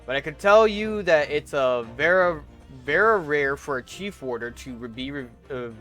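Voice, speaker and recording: A man's voice: fairly high pitch, expressive, moderate pace, a bit bright, soft background music. A man voicing a guarded, evasive middle-aged prison governor in an attempted Scottish accent, reading game lines aloud and tripping over words.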